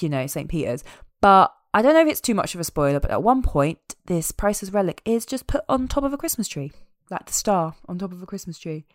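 A woman's voice: fairly low pitch, no echo, studio quality. Chatty woman recapping a film. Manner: chatty, animated, tangents with wry asides. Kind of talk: casual chat recapping a film.

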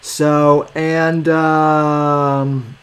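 A man hosting his podcast in casual talk, halting and searching for words as he sets up a clip. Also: a little high, little pitch movement, fairly bright tone, smooth. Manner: halting, searching for words while working the screen. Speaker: podcast host.

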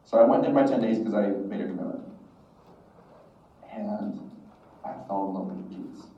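A middle-aged man, a religious instructor, gives a devotional talk in a lowish voice at normal speed, sharing a personal story and acting out the dialogue. The recording is echoey, distant and dull, made in a room.

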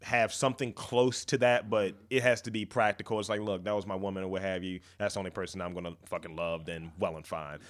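A man's voice: low voice, steady tone, fast talker, hardly any pauses. A man in his thirties co-hosting a podcast, rambling and swearing in loose banter. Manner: profane, laughing, rambling with restarts. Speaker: podcast co-host. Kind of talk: casual crude banter.

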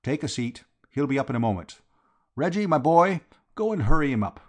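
A man's voice: medium pitch, sing-song, brisk, pitched above the performer's own voice. A man voicing a bluff, hearty older yacht owner in an audiobook reading.

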